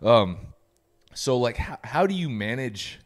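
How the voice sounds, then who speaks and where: A man's voice: medium pitch, very animated, unhurried. A man hosting a podcast, asking questions in a laid-back way, laughing along and swearing casually. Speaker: podcast host. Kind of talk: casual interview chat.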